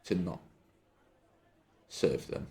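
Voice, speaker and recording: A man's voice: extremely slow, mellow. A man playing a tabletop game, questioning with stumbles and restarts. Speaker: player. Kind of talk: casual tabletop game play.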